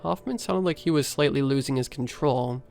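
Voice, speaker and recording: A man reading a first-person horror story aloud in a steady storytelling manner. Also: medium pitch, moderate pace, vocal fry, faint music behind. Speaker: story narrator.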